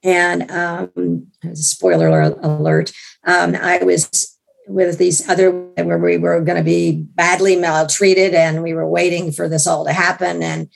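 A woman being interviewed as the author of a book, telling a personal story in an earnest, animated way with frequent restarts. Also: on the low side, a little slow, gravelly. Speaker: guest author.

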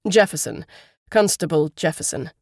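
A woman voicing a polite, formal male police constable who speaks in measured official phrases. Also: low-pitched, animated, a little mellow, no room sound, clean studio sound.

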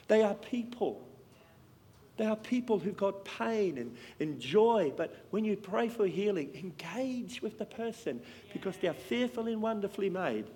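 A man preaching a sermon with passion, swinging between loud and hushed. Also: high voice, lively intonation, normal speed. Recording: long hall reverb.

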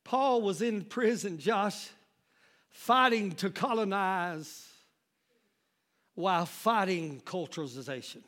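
A man preaching a sermon as pastor, calling out to the congregation and building up to shouts. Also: sits high, lively intonation, slow.

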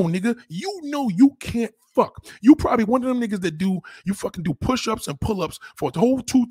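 A man's voice: high-pitched, a little mellow, husky, no echo, clean studio sound. A man hosting a crude, heated commentary rant, talking straight at his viewers. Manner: blunt, crude and heated, addressing viewers directly. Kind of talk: profane relationship rant.

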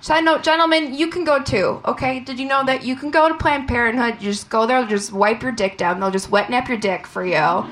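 A woman in her thirties performing a brash stand-up comedy set on a club stage, swinging up into loud shouts. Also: a little high, a little fast, few pauses. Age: 30s. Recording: noisy live club recording. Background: crowd laughter and room noise.

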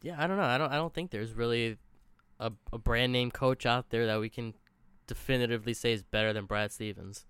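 A man co-hosting a casual sports podcast in a relaxed, easygoing way. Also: medium pitch, brisk, smooth, no room sound. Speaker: podcast co-host.

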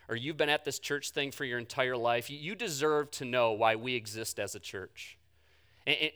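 A man preaching a sermon, telling the story with animation and swinging from loud bursts to hushed words. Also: medium pitch. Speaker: pastor.

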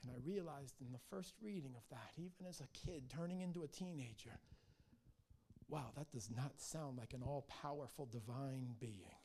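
A middle-aged man preaching a sermon in a church, telling stories with animated energy and frequent restarts. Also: mid-range voice, moderate pace, breathy edge. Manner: animated storytelling, restarts and stammers. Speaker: pastor.

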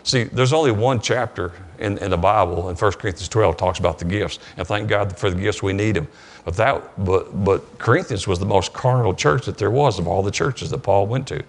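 Male pastor, southern accent, lowish voice, halting repeats, church sermon. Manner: halting, repeats words, retells dialogue. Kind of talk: sermon storytelling. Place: church sanctuary.

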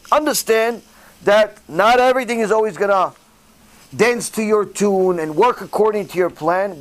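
A man giving a sermon as a rabbi, preaching directly to his listeners and acting out little dialogues as he goes. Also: high voice. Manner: animated storytelling, acting out dialogue in different voices.

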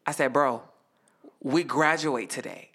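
A young man tells a story as a guest. His voice is bright and forceful, and he acts out every quote with animated flair. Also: mid-range voice, measured pace. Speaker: guest performer. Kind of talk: casual storytelling.

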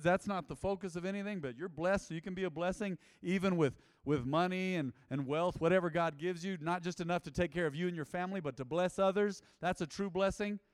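Emphatic preaching man, higher voice. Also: fairly quick, clear, resonant tone, big-room sound. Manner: emphatic preaching with rhetorical questions. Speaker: pastor. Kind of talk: sermon.

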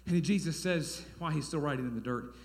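Folksy pastor in an echoey hall. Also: male voice, a little high, quick pace. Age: 30s. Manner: folksy storytelling, swings from quiet asides to loud emphatic outbursts. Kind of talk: sermon.

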